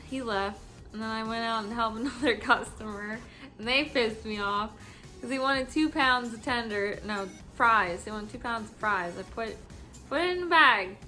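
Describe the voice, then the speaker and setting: A woman's voice: a little high, measured pace, sharp tone, soft background music. A tipsy young woman telling a work story to camera, laughing often and swearing as she acts out the people involved. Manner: laughing often, swearing, acting out coworkers' lines. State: tipsy from drinking. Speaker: vlogger.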